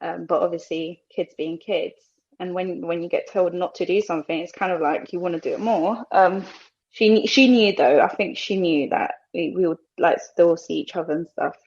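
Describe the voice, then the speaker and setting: A woman's voice: on the low side, moderate pace, highs cut off. A young woman from Colombia with a British English accent, telling her story as a podcast guest and slipping Spanish phrases into her English. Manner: animated, acts out other people's lines. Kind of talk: casual storytelling.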